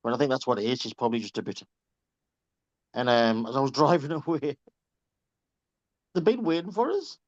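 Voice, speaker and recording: A man's voice: mid-range voice, animated, a little fast, pauses often, no room sound. Group-call regular: man with a mid-range voice, chatty and profane, slightly muffled dry recording. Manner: chatty, swears freely, laughs through stories. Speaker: reading group member on a group call. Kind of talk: casual anecdote telling.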